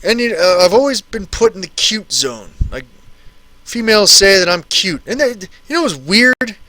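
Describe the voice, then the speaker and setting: A man's voice: high-pitched, sing-song, moderate pace, sharp tone. A man in his thirties casually chatting on a live stream, answering viewer questions and rambling and repeating phrases.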